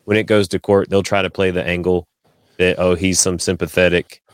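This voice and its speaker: A man co-hosting a podcast, cutting in with deadpan jokes in casual chat. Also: sits low, a little fast, clear, resonant tone, no room sound, studio quality. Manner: deadpan joking interjections. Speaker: podcast co-host.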